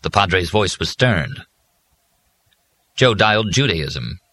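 Man reading a novel out loud, really deep voice but bright, steady pace. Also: no echo. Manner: even, measured storytelling. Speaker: audiobook narrator. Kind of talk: scripted narration.

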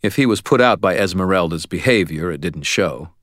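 Low voiced guy reading an audiobook, dry wry tone, close dead-dry sound. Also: expressive, fairly quick, fairly bright tone, dry recording. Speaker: audiobook narrator. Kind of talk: first-person audiobook narration.

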